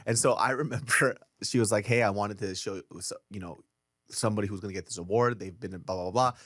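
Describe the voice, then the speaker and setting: A man's voice: lowish voice, brisk, a bit bright, dry recording, clean studio sound. A young man in casual chat, telling stories, swearing freely and laughing often.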